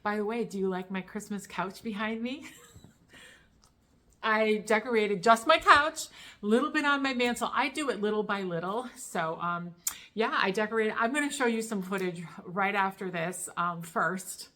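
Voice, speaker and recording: A woman with a medium-pitched, somewhat bright voice talks a little slowly and eagerly about her thrift finds in a casual vlog. Still breathless from loading the car, she's indoors at home on a couch, with slight hiss or hum audible.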